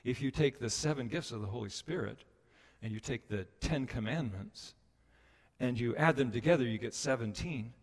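Speaking at a moderate pace with a medium-pitched voice, this man delivers a sermon as a pastor, bringing the story to life and voicing the people he quotes. A long reverb tail follows his words.

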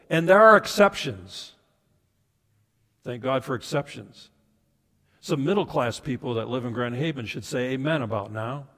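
A man preaching a sermon as pastor, emphatic at times and then dropping to soft, intimate asides. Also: a little high. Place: church sanctuary. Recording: reverberant hall sound.

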